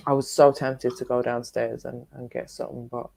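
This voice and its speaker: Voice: mid-range voice, flat delivery, normal speed, gravelly, a little mellow. Chatty Irish-born co-host. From Ireland. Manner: chatty, laughs often, trails off mid-sentence. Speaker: livestream co-host. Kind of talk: casual chat.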